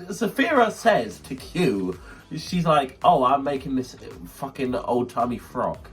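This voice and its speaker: A man's voice: medium pitch, unhurried, faint music behind. A young man co-hosting a casual chat, telling stories and acting out quotes in funny voices. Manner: animated storytelling, acts out quotes. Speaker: podcast co-host.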